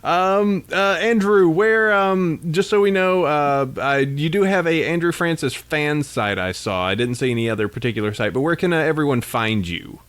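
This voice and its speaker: A man's voice: a little high, normal speed, hardly any pauses. Laid-back man hosting a podcast. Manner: laughing, animated, reads listener emails aloud. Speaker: podcast host. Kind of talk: casual podcast chat.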